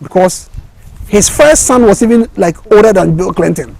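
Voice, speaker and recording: A man giving a motivational talk in an impassioned way, often repeating words and restarting, with excited peaks. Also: high-pitched, moderate pace, vocal fry, no room sound.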